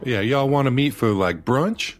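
A man playing in a tabletop role-playing game, throwing in quick joking asides. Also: medium pitch, animated, faint music behind. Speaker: player. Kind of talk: casual tabletop role-play.

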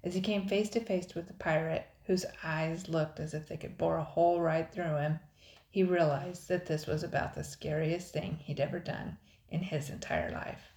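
A woman narrating a children's adventure storybook in a steady, dramatic read-aloud. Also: deep voice, moderate pace. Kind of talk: storybook reading. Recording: roomy echo.

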